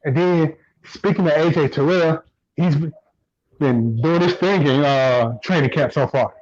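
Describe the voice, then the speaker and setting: Relaxed man talking football, lo-fi. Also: on the high side, measured pace. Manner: relaxed, repeats himself while thinking. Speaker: podcast co-host. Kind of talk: casual sports chat.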